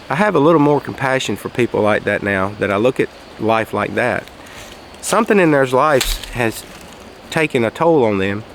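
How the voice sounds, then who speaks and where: Man, folksy casual storyteller, gravelly, outdoors with faint street noise. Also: medium pitch. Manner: folksy, raises his voice for quoted shouts. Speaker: vlogger telling a story. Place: outdoors, quiet spot near traffic.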